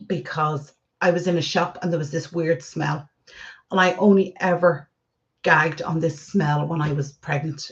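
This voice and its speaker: An Irish woman in her forties telling family stories in a casual, chatty vlog. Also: on the low side. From Ireland. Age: 40s. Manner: chatty storytelling, lively retelling. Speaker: vlogger. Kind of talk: casual chat. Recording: slightly dull lo-fi sound.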